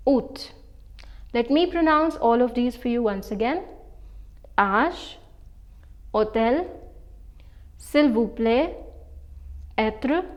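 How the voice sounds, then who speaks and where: A woman, giving an online French lesson and slowly and carefully modelling each pronunciation example. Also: a little high. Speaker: French teacher.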